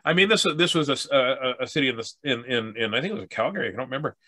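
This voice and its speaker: Canadian male speaker, bright voice, casual rambling storyteller, dry close sound. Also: mid-range voice, animated, racing, no echo. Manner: rambling, with restarts and acted-out dialogue. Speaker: speaker telling stories about accessibility.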